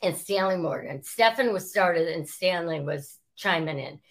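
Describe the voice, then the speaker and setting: A woman, a former sports reporter telling stories as an interview guest and acting out quotes as she goes. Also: a little slow. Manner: animated, acts out quotes with rising pitch. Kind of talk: storytelling interview.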